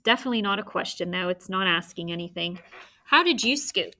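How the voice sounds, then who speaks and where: A young woman teacher giving a recorded phonics lesson to children, patient and encouraging, sounding out words slowly and clearly. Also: on the low side, animated, pushed and bright.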